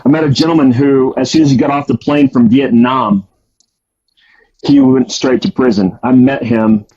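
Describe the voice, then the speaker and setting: Rambling man telling a story, husky. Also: medium pitch, expressive, normal speed, mellow. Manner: rambling, many fillers and restarts. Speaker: guest storyteller. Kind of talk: casual storytelling. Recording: dull lo-fi audio.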